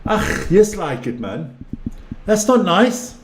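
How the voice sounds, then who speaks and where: A man casually chats on a live stream, rambling, repeating himself, and swearing freely while reading viewer comments. His voice sits high and is very animated, though slow. The recording has an echoey room with faint ambient noise.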